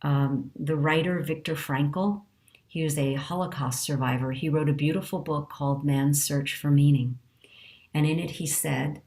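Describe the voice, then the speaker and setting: A middle-aged woman teaching mindfulness, speaking in a calm, earnest, measured way with slow deliberate pauses. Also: deep voice. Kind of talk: teaching talk.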